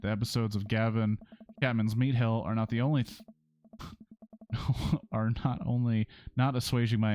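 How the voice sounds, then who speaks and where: A man's voice: mid-range voice, darkish tone. A man streaming a story game, reading its text aloud in a casual way with sarcastic asides and free swearing. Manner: sarcastic, swears freely, breaks into rants.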